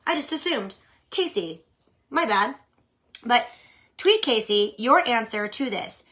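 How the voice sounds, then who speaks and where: A young adult woman hosting a fantasy football show, chatting casually and with strong opinions as she answers listener questions. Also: on the high side. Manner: chatty, opinionated, animated, with quick asides. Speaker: fantasy football podcast host.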